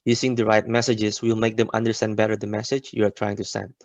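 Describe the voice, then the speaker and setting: A young man gives steady, instructive workshop advice in a low, gravelly voice. The recording is dry and muffled, with no room sound at all. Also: quick pace, no echo. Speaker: student workshop presenter. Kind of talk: presenting a speech workshop.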